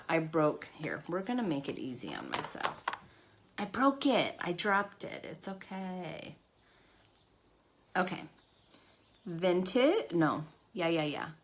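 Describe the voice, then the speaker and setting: Chatty woman hosting a makeup livestream. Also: lowish voice. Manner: chatty, self-deprecating, talks to viewers by name. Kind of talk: casual live makeup tutorial.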